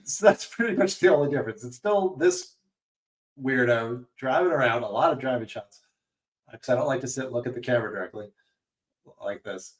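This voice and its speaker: Chatty podcast co-host, slightly off-mic. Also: male voice, mid-range voice, a little fast, distant mic. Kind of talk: casual chat.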